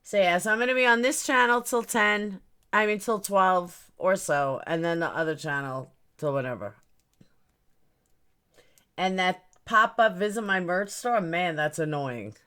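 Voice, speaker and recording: Her voice is fairly low, bright and forceful, clear and resonant, and she speaks a little slowly. She's hosting a laid-back livestream, greeting viewers by name and rambling in puzzlement while fiddling with her stream settings.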